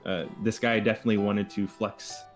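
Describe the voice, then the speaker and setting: A man's voice: on the low side, little pitch movement, fairly quick, soft background music. A man casually reviewing contest poems as a judge, speaking loosely with fillers. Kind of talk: casual chat.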